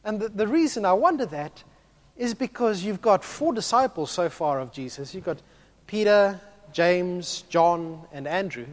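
A man preaching a sermon as a pastor, animated and swinging from hushed to loud. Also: sits high, a little slow.

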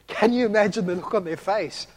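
A man preaching a sermon as a pastor, animated and swinging from hushed to loud. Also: sits high, fairly quick.

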